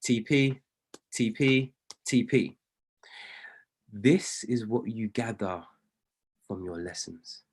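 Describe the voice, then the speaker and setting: A man working as a trading coach, giving a motivational talk on a live video call. He is earnest and encouraging and repeats phrases for emphasis. He swings between loud pleading and hushed near-whispers. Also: lowish voice, takes it slowly, pauses often, slightly rough.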